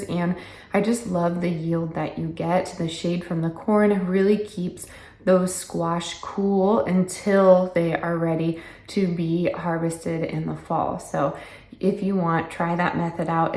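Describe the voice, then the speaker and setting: A young woman talks casually to her viewers, upbeat and quick to laugh, while audibly short of breath. Her voice sits a little low, and the room around her gives it a noticeable echo. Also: darkish tone. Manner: chatty, enthusiastic, laughs often. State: out of breath, pregnant. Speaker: homesteading vlogger. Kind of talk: casual talk to camera. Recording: echoey room.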